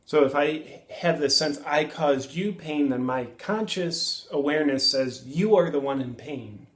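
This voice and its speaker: A man in his thirties hosting a reflective self-help monologue, earnest and musing, pausing and correcting himself as he thinks aloud. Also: medium pitch, echoey room. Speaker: self-help video host.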